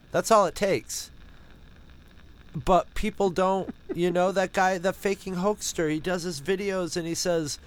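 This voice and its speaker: A man with a high voice co-hosts a podcast, speaking at a measured pace over poor audio. In casual, rambling chat he tells a sarcastic, profane story, animated and often restarting his sentences.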